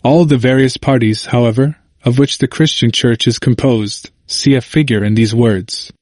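A man reads a history text aloud in a calm, even, measured way. His pitch sits mid-range for a man. The recording is close and dry, with no room sound. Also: no room sound. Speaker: audiobook reader. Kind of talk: scripted narration of a history book.

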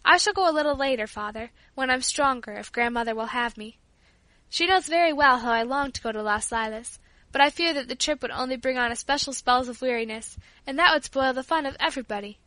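A woman reading the part of a frail, brave young daughter, gentle and humble, in much her own voice. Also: high voice, a little fast, no echo.

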